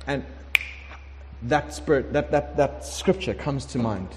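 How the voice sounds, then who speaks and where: A man preaching a conversational sermon, emphatic and lively, sometimes acting out prayers. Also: medium pitch, slow, background noise. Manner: conversational, emphatic, acts out prayers in shifting voices. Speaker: pastor. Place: warm room with congregation. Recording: long hall reverb.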